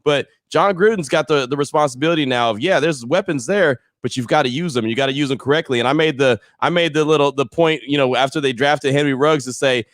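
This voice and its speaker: A man's voice: mid-range voice, quick pace, few pauses, dry recording, studio quality. Opinionated man on sports radio. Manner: opinionated, sums up with catchphrases. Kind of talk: casual sports radio chat.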